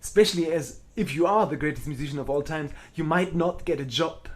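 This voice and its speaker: Man, middle-aged, cellist, live Q&A, slightly high voice, candid, self-mocking. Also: a little fast. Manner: candid, self-deprecating, blunt. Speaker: cellist answering viewer questions. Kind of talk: live online Q&A.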